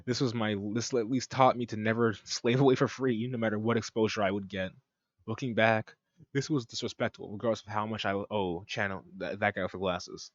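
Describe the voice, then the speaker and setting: Brief: male streamer, low voice, reads a document then reacts with crude jokes; dull, dry recording. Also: steady tone, fairly quick, no room sound. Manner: reads aloud then reacts with profane, mocking asides. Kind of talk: casual reaction commentary.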